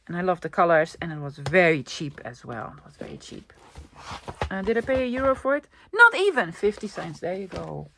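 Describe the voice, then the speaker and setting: A woman's voice: on the low side, very animated, fairly quick, gravelly, hardly any pauses, fairly bright tone, a little hiss or hum. Chatty woman vlogger. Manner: chatty, enthusiastic, thinking aloud. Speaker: craft vlogger. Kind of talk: casual show-and-tell vlog.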